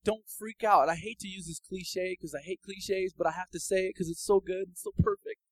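Guy preaching his testimony, kinda high voice, chatty then gets fired up, dry close sound. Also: fairly even intonation, a little fast, no echo, low-quality recording. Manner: casual and conversational, building to fervent loud preaching. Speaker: lay preacher giving testimony. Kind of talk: sermon with personal testimony.

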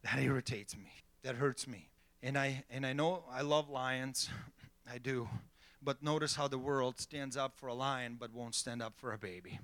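A man's voice: medium pitch, fairly even intonation, normal speed, a bit bright, dry recording. A middle-aged man preaching a sermon as pastor, emphatic, checking in with the congregation with repeated "okay?" and "amen.".

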